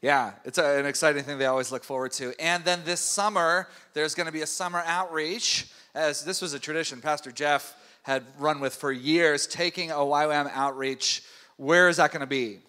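A man's voice: fairly high pitch, normal speed, pushed and bright, smooth. A man hosting a church service, interviewing leaders in a friendly, playful way. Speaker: host.

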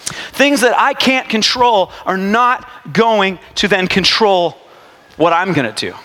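A man preaching a sermon as pastor, casual and animated, calling for amens. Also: high voice, slow, in a large hall.

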